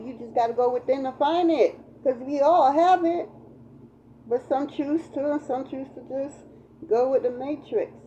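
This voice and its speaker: Woman tarot reader, casual spiritual reading, profane and emphatic, very dark mellow tone, slightly muffled with faint noise. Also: mid-range voice.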